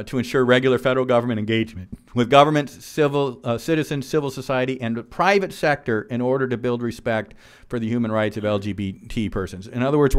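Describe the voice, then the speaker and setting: A man giving an earnest policy presentation to a live audience in a room, reading quotes aloud and pausing on frequent fillers. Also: medium pitch, clear, resonant tone. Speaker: policy speaker.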